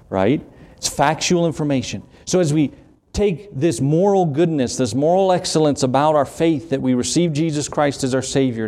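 A middle-aged man with a Southern US accent preaching a sermon in an earnest, conversational way, with quick asides to the congregation. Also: fairly high pitch, a little mellow. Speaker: pastor.

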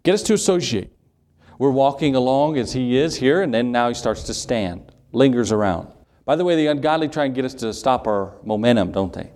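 A preacher delivers an emphatic sermon. His voice sits at a middle pitch. He reads scripture aloud and presses his points with rhetorical questions. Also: animated, brisk, darkish tone. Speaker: pastor.

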